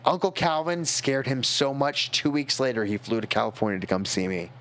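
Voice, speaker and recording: A young man on a stream telling a personal story, tipsy, rambling and halting, growing emotional. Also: medium pitch, steady tone, fairly bright tone.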